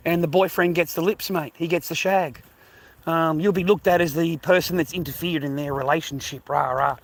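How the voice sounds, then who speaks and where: High-voiced man ranting profanely on a walk. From United States. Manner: profane, rambling, repeats himself, drops into hushed asides. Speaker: vlogger. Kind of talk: casual rambling talk to viewers while walking.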